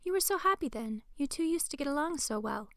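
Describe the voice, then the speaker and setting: A woman voicing a cheerful, upbeat mother of a teenage girl, speaking brightly and teasingly. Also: high voice, expressive, brisk, no room sound, studio quality, voice pushed up.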